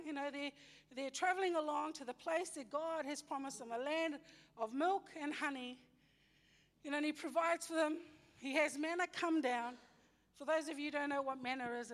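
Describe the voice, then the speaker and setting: A long hall reverb hangs over a woman's high, fairly bright voice as she teaches a Bible story. Her style is an informal, talkative sermon, with slang retellings of scripture and many fillers, restarts and corrections of herself.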